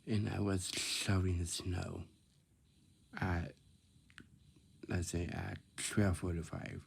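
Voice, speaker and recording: Slow, gravelly-voiced man rambling. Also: low voice, sing-song, a little hiss or hum. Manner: repetitive, restarts phrases, drops into soft whispers. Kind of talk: rambling casual storytelling.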